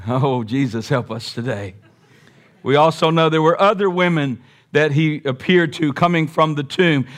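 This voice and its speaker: A man's voice: fairly high pitch, normal speed, a bit bright. A man preaching a sermon in an emphatic, folksy way with joking asides.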